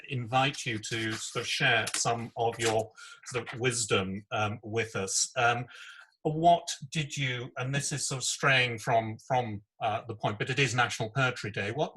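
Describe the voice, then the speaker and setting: A man's voice: mid-range voice, bright, forceful tone, breathy edge, rough recording. A man hosting a radio chat, talking hesitantly with many "sort of" fillers. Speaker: radio host.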